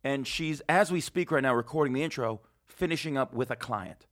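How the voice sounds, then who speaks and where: A man hosting a podcast, telling rambling, foul-mouthed stories in casual chat, his voice slightly hoarse. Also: medium pitch, a little fast, fairly bright tone. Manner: rambling storyteller, swears freely, laughs often. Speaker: podcast host.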